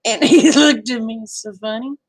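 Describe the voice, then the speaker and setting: Speaking at a moderate pace in a higher-pitched voice, a woman hosts a casual livestream. She greets viewers by name, chats with them, and shares frank personal stories, laughing frequently.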